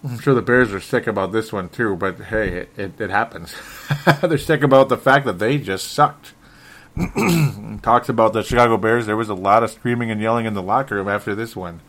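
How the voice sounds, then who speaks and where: A man's voice: on the low side, normal speed, a bit bright. A man hosting a solo sports talk show, sounding frustrated and rambling, often stumbling and correcting himself. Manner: restarts and self-corrections. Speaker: sports podcast host.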